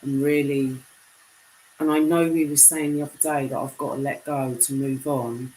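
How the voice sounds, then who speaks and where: British woman, deep low voice, chatty live streamer, faint background hiss. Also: level tone, normal speed, mellow, rough recording. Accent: British English. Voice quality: deep voice mistaken for a man's on the phone. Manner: chatty, reads comments aloud. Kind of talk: casual live stream chat.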